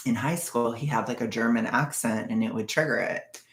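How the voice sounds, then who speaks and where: Gravelly young man rambling through a storytime. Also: medium pitch, fairly quick, a bit bright, echoey room, far from the mic. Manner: rambling, filler-heavy storytelling with frequent "like" and "blah, blah". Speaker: vlogger. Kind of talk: casual storytime chat.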